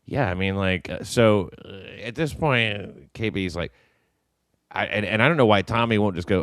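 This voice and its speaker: A man's voice: fairly low pitch, moderate pace, a bit bright, no room sound, studio quality. A man hosting a show, casually commenting on clips in a rambling, amused way with lots of fillers.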